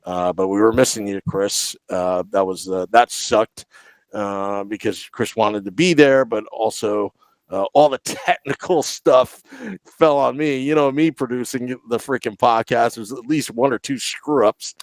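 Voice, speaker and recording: A man's voice: on the low side, unhurried, dry recording. A man hosting and producing a casual sports podcast, rambling and laughing through stories. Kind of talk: casual chat. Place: home podcast setup.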